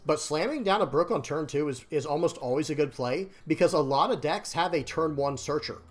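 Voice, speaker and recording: A young man chatting casually about his card game decks, rambling and apologetic with restarts and quick laughs. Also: on the high side. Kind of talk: casual chat while showing deck lists.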